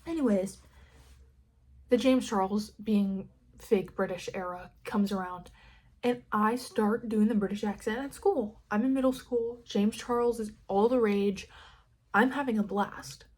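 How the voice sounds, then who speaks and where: A young Californian woman talks straight to her listeners in a loose, rambling solo podcast. She swears freely and swings from loud bursts to quiet mutters, with a middle-range voice that is neither high nor low. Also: unhurried. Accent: Californian American. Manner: rambling, candid, sweary, dramatic swings in loudness. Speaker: podcast host. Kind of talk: casual solo podcast chat.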